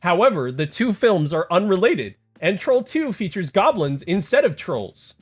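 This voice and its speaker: Excitable guy streaming, pitched a touch high, rambling to chat over quiet music. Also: moderate pace, breathy edge. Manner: rambling and excitable, heavy on "like" and "dude"; talks to chat, reads text aloud. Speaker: livestreamer. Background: faint music.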